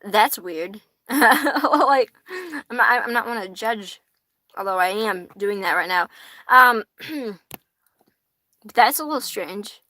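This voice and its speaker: A woman's voice: medium pitch, animated, slow, pauses often, pushed and bright, no echo. A young woman hosting a casual tarot livestream, chatty and rambling, swearing casually and laughing often while eating fries. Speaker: tarot reader and livestream host.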